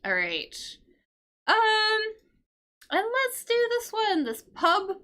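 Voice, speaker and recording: A woman's voice: very high-pitched, huge pitch swings, slow, sharp tone. A woman teaching English vocabulary on a live stream, explaining words patiently, checking in with "right?" and answering her chat.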